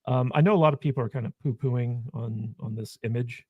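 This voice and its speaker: A man's voice: medium pitch, fairly quick, slightly rough, dry recording, phone-quality sound. A man talking casually as a guest on a podcast panel, hesitant and often restarting.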